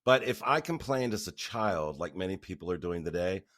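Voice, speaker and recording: A man's voice: low voice, lively intonation, moderate pace, a bit bright. A man co-hosting a podcast, chatting casually in a reflective way and chuckling often. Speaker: podcast co-host. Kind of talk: casual chat.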